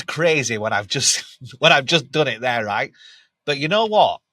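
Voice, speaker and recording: Bright, nasal northern man telling stories. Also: mid-range voice, moderate pace, no echo. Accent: Northern English. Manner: lively anecdotal, laughs often, many restarts. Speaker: podcast guest. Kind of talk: candid storytelling in an interview.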